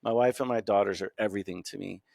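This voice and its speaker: A man's voice: on the low side, fairly even intonation, quick pace, vocal fry, darkish tone, no echo, clean studio sound. A man talking in a casual podcast conversation, emotional and rambling, calling the host "dude". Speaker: guest artist.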